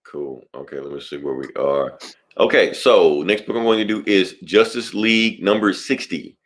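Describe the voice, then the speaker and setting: A man's voice: low voice, normal speed. A man co-hosting a podcast, casually recapping a comic book plot in a loose, profane storytelling way. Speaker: podcast co-host.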